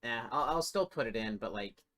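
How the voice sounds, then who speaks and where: A man's voice: mid-range voice, expressive, normal speed, pushed and bright. A man co-hosting a casual podcast chat, hesitant and stammering as he talks. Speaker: podcast co-host.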